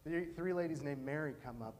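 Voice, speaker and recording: A man's voice: fairly high pitch, fairly quick, a little mellow. A pastor, a man in his thirties, preaching a sermon as a casual retelling, acting out dialogue with many fillers. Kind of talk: sermon storytelling. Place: church sanctuary. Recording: long church reverb, faint ambience.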